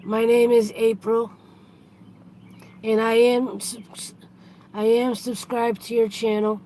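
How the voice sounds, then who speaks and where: A woman's voice: fairly high pitch, little pitch movement, takes it slowly, warm tone, a little hiss or hum, poor audio. A woman hosting a casual live stream, chatty, greeting and thanking her viewers as they come in.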